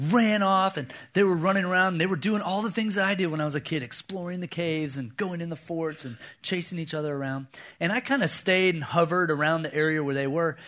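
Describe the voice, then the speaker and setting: A man in his thirties preaching a sermon, telling a personal story and acting out the voices in it. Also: on the high side. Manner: animated storyteller, acts out voices, drops to a hush for quoted lines. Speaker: pastor.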